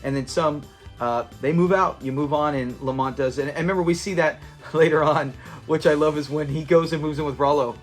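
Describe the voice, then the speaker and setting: A man's voice: on the high side, steady tone, a little fast, soft background music. A man hosting his own review channel, recapping a sitcom episode in a chatty way and acting out quoted lines. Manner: chatty, retells scenes with quoted lines and laughs.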